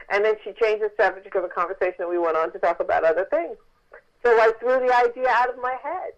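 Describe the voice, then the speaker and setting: A woman author telling a story in a phone interview, lively and acting out the voices of the people she quotes. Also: fairly high pitch, fast, muffled recording.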